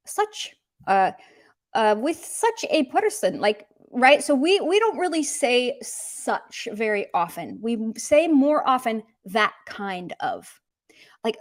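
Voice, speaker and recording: A woman's voice: a little high, sing-song, slow. A woman teaching a casual live language lesson, chatty and explanatory, slipping Russian phrases into her explanations.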